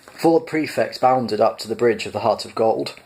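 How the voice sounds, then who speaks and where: A man's voice: on the low side, normal speed, gravelly, darkish tone. Chatty man reading aloud. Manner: rambling, chatty, with fillers. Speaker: storyteller, channel host. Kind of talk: casual book reading and chat.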